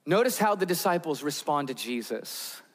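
A man's voice: fairly high pitch, very animated, moderate pace, in a large hall. A man preaching a sermon, telling vivid stories that build tension. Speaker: pastor.

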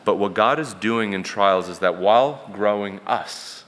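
Guy preaching a sermon, kinda low voice, earnest, lots of repeating lines, long echo like a big church. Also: a little slow, fairly bright tone. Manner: earnest, emphatic preaching with rhetorical repetition.

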